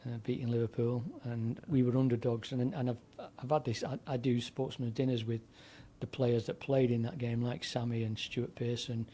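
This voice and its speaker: Older man with a dark, mellow voice. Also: mid-range voice, little pitch movement, normal speed, hardly any pauses. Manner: rambling anecdotal delivery with frequent fillers and restarts. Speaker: guest, former DJ and broadcaster. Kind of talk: conversational storytelling.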